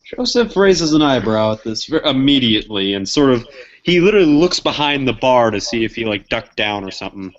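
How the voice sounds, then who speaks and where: A man's voice: mid-range voice, very animated. Hesitant man narrating his tabletop character. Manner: hesitant, halting. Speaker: player. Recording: muffled lo-fi recording.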